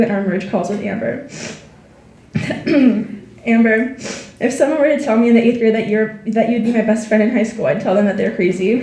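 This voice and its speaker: Teenage girl, graduation speech, near tears, higher voice, mic far off. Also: mellow, roomy sound. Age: teens. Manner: heartfelt, reading thank-yous. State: tearful, near crying. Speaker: graduating student. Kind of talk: senior speech read aloud.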